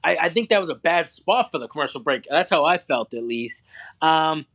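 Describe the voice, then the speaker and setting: A man's voice: fairly high pitch, lively intonation, normal speed, a bit bright. A man co-hosting a casual wrestling podcast, recapping matches from his notes in a rambling way with many fillers. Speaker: wrestling show co-host.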